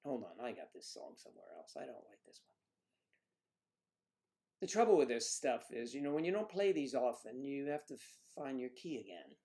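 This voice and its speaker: A man's voice: mid-range voice, big pitch swings, normal speed, mellow. A man hosting a livestream, rambling and joking between songs with swearing and muttered asides. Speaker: livestream host playing guitar. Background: his own acoustic guitar.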